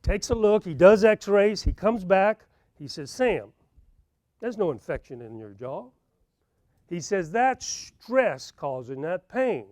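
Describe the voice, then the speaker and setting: A man's voice: high voice, lively intonation, measured pace, long pauses, warm tone, no room sound. A middle-aged man giving a conference talk, telling a personal story and acting out the dialogue. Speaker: conference speaker.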